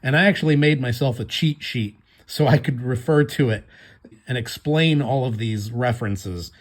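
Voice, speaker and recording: A man's voice: mid-range voice, normal speed. A chatty man commenting on his comic. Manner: chatty and laughs often. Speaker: comic artist and creator.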